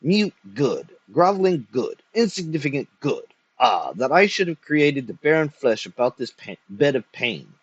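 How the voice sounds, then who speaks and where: A man's voice: mid-range voice, sing-song, normal speed, few pauses, husky, lo-fi sound. A man voicing a cruel, grandiloquent old poet on his deathbed, sneering theatrical insults. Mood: scornful.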